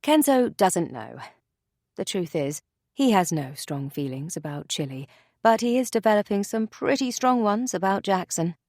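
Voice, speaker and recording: A woman reading a thriller novel aloud as narrator, in a measured, dry storytelling manner. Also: medium pitch, big pitch swings, darkish tone, dry recording. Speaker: audiobook narrator. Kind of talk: scripted narration.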